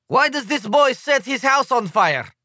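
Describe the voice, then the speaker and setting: A man's voice: very high-pitched, very animated, unhurried, sharp tone, no echo, studio quality, voice pushed up, heavily acted. A man putting on an indignant Slovenian delegate. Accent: Slovenian, put on. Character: angry male Slovenian delegate, thick accent.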